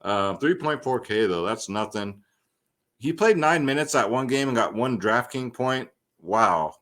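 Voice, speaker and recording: With a medium-pitched, slightly bright voice and lively intonation, a young man takes his time hosting a fantasy sports picks show. His casual breakdown is loose and slangy, crowded with ums and asides.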